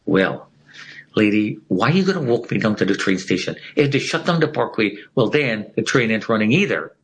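A man with a fairly low voice tells a personal story to an interviewer. He is an animated storyteller whose pitch swings widely as he acts out what other people said. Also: a little fast. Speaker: interview guest. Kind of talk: telling a personal story in conversation.

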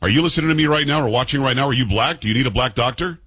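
A man's voice: medium pitch, rapid-fire, fairly bright tone, breathy edge, dry recording. A man in his fifties hosting a political commentary show, combative and sarcastic, firing off rhetorical questions. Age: 50s.

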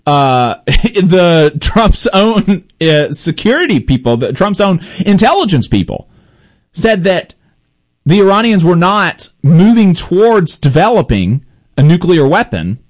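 A male host delivers casual political commentary in a fairly high voice that swings widely in pitch. He sounds exasperated and sarcastic, often restarting his sentences. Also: very animated, measured pace.

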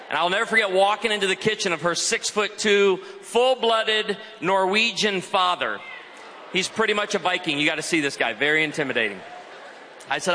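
A man's voice: high voice, normal speed, slight background noise. A man in his forties giving a humorous, emphatic sermon to a live audience. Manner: animated, emphatic, joking. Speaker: guest speaker. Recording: reverberant hall, faint ambience.

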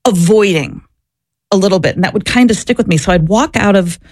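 A woman's voice: mid-range voice, a little fast, darkish tone, no room sound. A woman guest in an interview, telling personal stories candidly and reflectively, often repeating words and restarting sentences. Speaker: interview guest, former abortion clinic worker. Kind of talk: candid personal storytelling in conversation.

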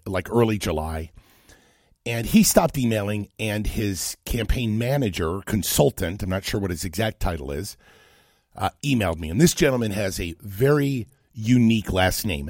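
A man hosting a radio talk show, telling a story in an animated way, with stammers and restarts. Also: lowish voice, dry recording, studio quality. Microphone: studio microphone.

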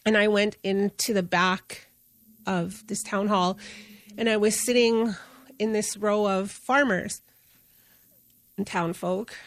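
A middle-aged woman from Canada speaks as an interview guest in a relaxed, earnest storytelling manner, circling back and restarting her sentences as she goes. Her voice sits at a medium pitch. The recording is close and dry, with no room echo. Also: slow pace, long pauses. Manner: earnest, conversational, with restarts and fillers. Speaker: guest, justice advocate.

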